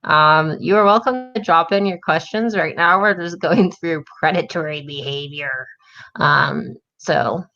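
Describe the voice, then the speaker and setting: A woman's voice: deep voice, unhurried, bright, forceful tone, lo-fi sound. A woman hosting a casual livestream chat, blunt and swearing, laughing often. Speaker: livestream host.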